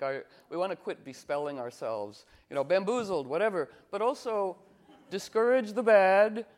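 A man, speaking as a teacher, gives a casual spiritual talk with a slightly high voice, spinning playful stories and imitating the voices of the people he quotes.

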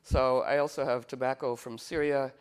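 A man's voice: medium pitch, fairly even intonation, moderate pace, smooth. A man giving an informal spiritual talk as a teacher, telling playful stories and acting out the voices of people he quotes.

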